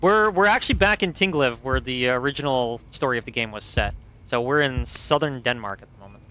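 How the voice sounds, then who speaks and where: A man's voice: mid-range voice, a little fast, hardly any pauses, bright, forceful tone, highs cut off, a little hiss or hum. A man streaming a video game, talking loosely with fillers and self-corrections as he comments. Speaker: gaming streamer. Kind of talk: let's play commentary.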